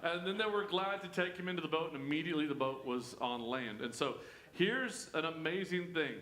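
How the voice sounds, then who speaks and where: A man teaching a Bible study in a loose, joking, conversational way, his voice sitting a little high. The room rings with echo around him, as it would in a church hall. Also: fairly quick. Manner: folksy, joking, animated. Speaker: pastor leading Bible study. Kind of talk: conversational sermon. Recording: echoey room.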